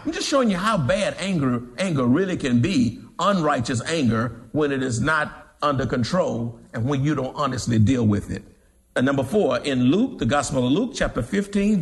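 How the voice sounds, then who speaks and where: A man preaching a sermon, reading scripture and building to dramatic, shouted emphasis. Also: fairly high pitch.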